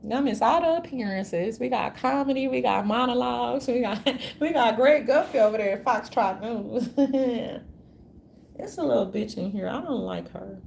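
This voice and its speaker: Gravelly, rambling woman vlogger. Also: fairly high pitch, expressive, moderate pace, a little mellow, a little hiss or hum. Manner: meandering, profane, slangy. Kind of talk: rambling casual rant.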